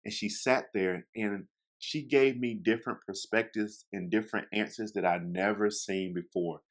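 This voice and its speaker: A young man shares a casual story with his audience, his fairly low voice moving at a normal speed. He chats animatedly, drops into quotes, and talks straight to his listeners.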